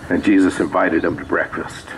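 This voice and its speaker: Low-voiced man preaching casually. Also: steady tone, normal speed, noisy background. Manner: conversational, reads scripture aloud with asides. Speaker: pastor. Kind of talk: sermon. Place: small church sanctuary.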